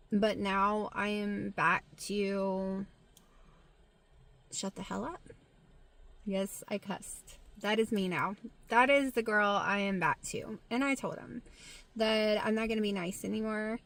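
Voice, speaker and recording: A woman with a Southern American accent, talking frankly to camera in a casual vlog, getting loud and animated when excited. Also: mid-range voice. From Southern United States. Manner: frank and blunt, swears freely. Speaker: vlogger.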